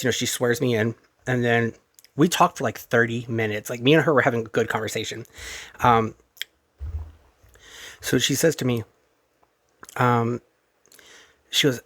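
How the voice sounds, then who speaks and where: A man's voice: medium pitch, a bit bright, no echo. A man casually recounting events to a few friends, rambling with lots of fillers and quoting others' words. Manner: rambling, filler-heavy retelling with quoted dialogue. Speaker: vlogger.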